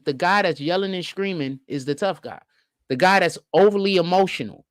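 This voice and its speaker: A live-stream host giving casual, profane commentary, piling up rhetorical questions and swinging between low mutters and excited high stretches. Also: a little fast, no echo, clean studio sound. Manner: rhetorical, keeps asking questions, profane slang.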